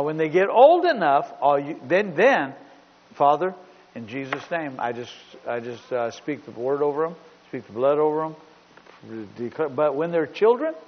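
A man's voice: on the high side, a little hiss or hum. Emphatic middle-aged male pastor. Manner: storytelling, emphatic, repeats himself. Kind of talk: sermon. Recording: dull recording in a big reverberant hall.

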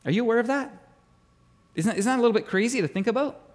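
Pastor, male, high animated voice; chatty sermon delivery that quizzes the room. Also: rapid-fire. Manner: chatty, asks the congregation questions, repeats words. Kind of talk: conversational sermon.

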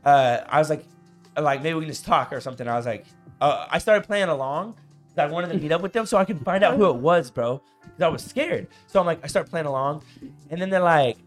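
A young man co-hosting a podcast, telling a story in casual chat, animated and laughing often. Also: a little high, fairly quick, faint music behind. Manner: animated, laughs often, says "bro" and "I was like". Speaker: podcast co-host.

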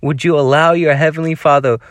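A man's voice: a little high, fairly even intonation, fairly quick, dry recording. A man delivers a devotional sermon in a slightly raised voice, earnest and pleading as he urges his listeners. The recording is dry and close, with no room sound around him. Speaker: preacher.

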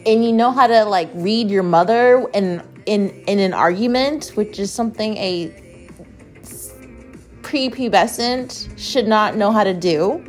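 A woman in her twenties from the American Southwest, hosting a solo podcast and telling stories in an animated, chatty way, full of "like" and restarts. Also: mid-range voice, measured pace, soft background music. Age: 20s. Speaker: podcast host. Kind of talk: casual solo podcast monologue.

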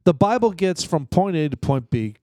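A man co-hosting a podcast who teases with crude jokes, his pitch bouncing around a lot. The recording is dry and close-miked. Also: sing-song, moderate pace, warm tone, no room sound. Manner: teasing, crude joker. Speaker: podcast co-host. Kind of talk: casual chat.

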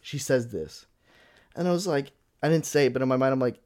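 A man's voice: medium pitch, fairly quick. A young man co-hosting a podcast, telling a story in casual chat, full of filler words, and acting out the people he quotes. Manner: animated storyteller, heavy "like" filler, acts out quotes. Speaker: podcast co-host.

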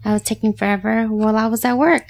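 A woman's voice: a little high, steady tone, quick pace, a little mellow, no room sound. A young woman hosting a podcast, chatting candidly and casually about her family and swearing now and then. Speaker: podcast host. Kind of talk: casual personal chat.

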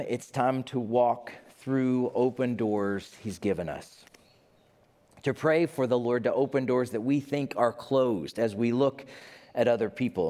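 A pastor in his fifties preaching a sermon, animated and acting out the voices he quotes. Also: mid-range voice. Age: 50s. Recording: long reverb of a large hall.

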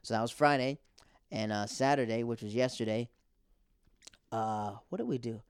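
A man's voice: medium pitch, moderate pace, clean tone, no room sound. Rambling young man, dry close sound. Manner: rambling, conversational, filler-heavy. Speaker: podcast host and stand-up comic. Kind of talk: casual monologue.

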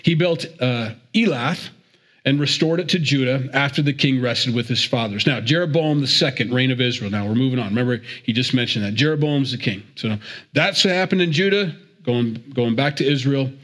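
Male Bible teacher, mid-pitched, casual and digressive, stumbles and repeats as he talks. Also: a little fast, a bit bright. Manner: chatty and digressive, with repeats and chuckles.

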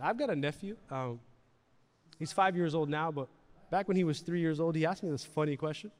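A man's voice: on the high side, fairly quick, long reverb tail. A man preaching a sermon in a conversational way, repeating words and asking the audience questions. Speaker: pastor. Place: church hall.

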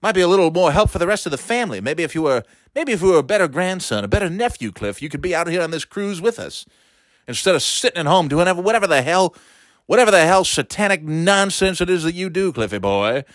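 A man's voice: sits high, very animated, fast talker, no echo. A man playing a crude, bitter old uncle who used to announce baseball. He rambles, stammers and curses in an improvised comic monologue.

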